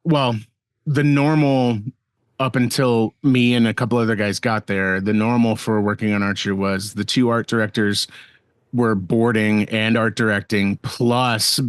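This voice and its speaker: A man guest on a podcast, telling a work story in a casual, animated and profane way, full of restarts, on a dry, close mic. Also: fairly low pitch, unhurried, clean tone, dry recording.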